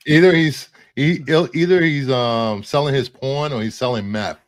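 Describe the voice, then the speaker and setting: A man's voice: mid-range voice, measured pace, no echo, clean studio sound. A man co-hosting a casual podcast, joking and reading out messages. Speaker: podcast co-host. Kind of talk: casual chat.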